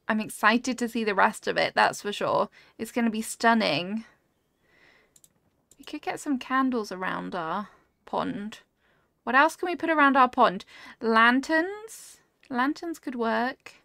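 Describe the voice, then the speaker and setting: A woman's voice: a little high, creaky, sharp tone, dry recording, studio quality. A woman streaming a cozy building game, gushing over viewers' builds and reading chat aloud in casual talk. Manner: gushing, easily delighted, reads chat aloud. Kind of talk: casual livestream chat while playing.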